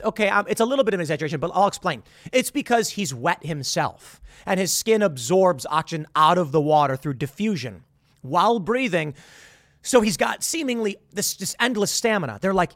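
A man's voice: high-pitched, big pitch swings, normal speed, a bit bright, no room sound, clean studio sound. A man giving an opinionated, sarcastic movie commentary, talking incredulously and restarting his sentences often.

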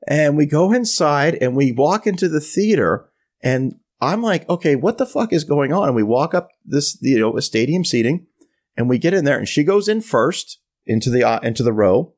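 Animated storytelling man, lively pitch. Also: moderate pace. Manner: animated, mimics voices in quoted lines. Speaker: podcast co-host. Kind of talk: casual storytelling rant.

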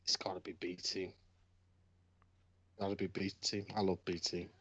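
A man's voice: low voice, flat delivery, moderate pace, a bit bright, husky, dry recording. A man in casual chat, blunt and emphatic, swearing freely. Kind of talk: casual chat, wrestling predictions.

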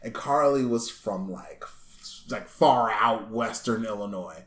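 A man hosting a casual chat, telling a long story with lively asides and laughs, recorded in his apartment. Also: on the low side, takes it slowly. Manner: animated storyteller, acts out voices, laughs often. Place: small apartment room. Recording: echoey room.

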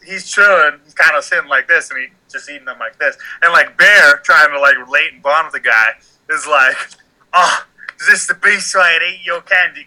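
A man with a very bright, forceful voice, telling a story in a loose podcast chat. He laughs easily and gets animated as he retells a scene. His pitch sits a little high. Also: poor audio. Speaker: podcast co-host. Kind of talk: casual chat.

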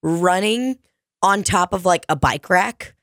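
Animated young woman telling a story. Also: fairly low pitch, slow pace, no echo, studio quality. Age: 20s. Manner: animated storytelling, heavy swearing, acts out voices. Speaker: comedian podcast co-host. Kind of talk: casual chat.

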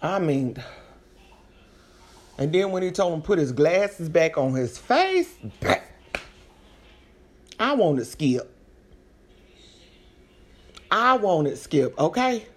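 A woman hosting a podcast, giving casual commentary in an animated, slangy, chatty way, her voice swinging between loud and soft. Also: on the low side, slow pace, long pauses. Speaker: podcast host.

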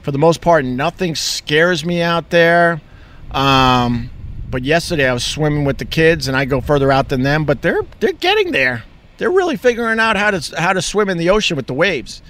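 Middle-aged man from Long Island, rambling candid monologue, slightly high bright voice, casual and unscripted. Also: lively intonation, moderate pace. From Long Island, New York. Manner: rambling, candid, swears freely. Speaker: vlogger.

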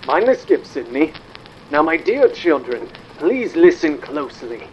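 A man's voice: on the high side, very animated, measured pace, dull audio, a little hiss or hum. A pompous aristocratic father on an old record. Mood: imperious. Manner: grandiloquent, condescending, theatrical. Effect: old vinyl record playback.

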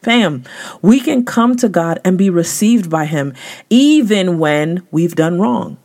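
A woman's voice: lively intonation, slow pace, darkish tone. A woman host giving a devotional talk in a casual, slangy, emphatic way, her voice rising sharply on key words. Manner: emphatic, conversational, slangy, with sudden rises in pitch. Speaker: podcast host.

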